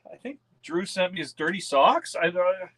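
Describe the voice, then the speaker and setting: A man's voice: high-pitched, lively intonation, moderate pace, a bit bright. A man hosting a live beer unboxing stream, chatting casually, laughing often and greeting viewers by name. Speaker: beer channel host.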